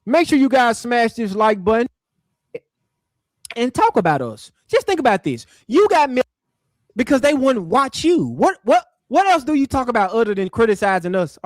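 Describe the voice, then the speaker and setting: A man's voice: extremely high pitch, big pitch swings, moderate pace, no room sound, rough recording. A man hosting a live reaction stream, talking casually and mocking the clip he answers. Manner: mocking, talks back at the clip. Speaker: livestream host.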